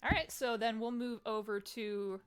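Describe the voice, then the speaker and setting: A woman's voice: a little high, steady tone, normal speed, smooth. A woman running a tabletop game as game master, describing scenes in a chatty, descriptive way with many fillers.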